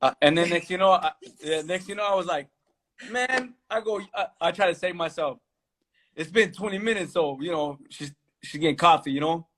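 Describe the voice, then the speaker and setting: Fast-talking profane man telling a story. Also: on the high side. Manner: profane, animated storyteller acting out quotes. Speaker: guest fighter. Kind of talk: casual chat, storytelling.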